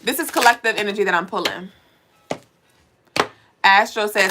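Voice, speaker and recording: A woman's voice: mid-range voice, expressive, normal speed, long pauses, bright, forceful tone, a little hiss or hum. A woman hosting a live spiritual card reading, talking bluntly and preachily and swearing now and then. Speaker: spiritual reader.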